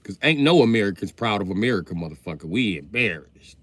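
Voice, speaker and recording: Man on a crude, animated rant. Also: fairly low pitch, fast talker. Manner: loose, crude, animated ranting. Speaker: livestream host. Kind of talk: profane comedic rant.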